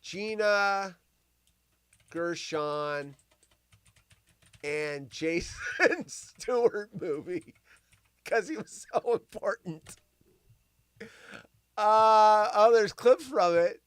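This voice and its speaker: A man's voice: sits high, slow pace, pauses often, clean tone, no echo, studio quality. A man hosting a live stream, riffing on news stories with wisecracks and swearing. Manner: animated and wisecracking, swears freely. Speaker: livestream host. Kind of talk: casual live-stream commentary.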